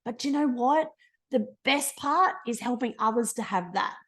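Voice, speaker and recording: A middle-aged woman with an Australian accent, leading a motivational team call in a bubbly, effusive, casual way, swinging between fast and slow. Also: fairly high pitch, animated, a bit bright. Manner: speeds up and slows down a lot. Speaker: team leader presenting a business call.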